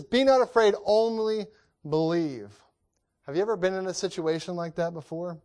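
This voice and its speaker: Male preacher, slightly high voice; earnest, repetitive, builds loud then drops quiet. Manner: earnest, repetitive, rhetorical questions, frequent restarts; swings between loud emphasis and hushed lows. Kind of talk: sermon.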